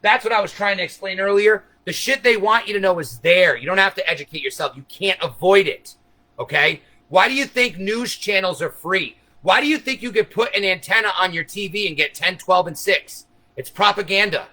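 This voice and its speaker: A man with a high, bright voice delivers a long, unscripted livestream rant, swearing freely and speaking directly to his audience. He rambles between points and leans into a conspiratorial tone, coaxing viewers to follow along. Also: low-quality recording. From United States. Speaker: livestream host.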